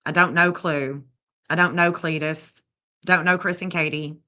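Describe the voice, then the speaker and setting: A woman's voice: low voice, steady tone, a little slow, pushed and bright. A woman, bluntly and indignantly scolding as she comments on a livestream. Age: 50s. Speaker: true crime streamer.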